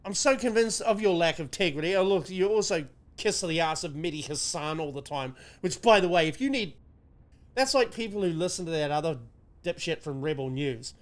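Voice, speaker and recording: A New man with a fairly high voice rants his way through casual podcast banter. He is sarcastic and swears a lot, and his indignation is played half for laughs. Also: lively intonation, fairly quick. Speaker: podcast co-host.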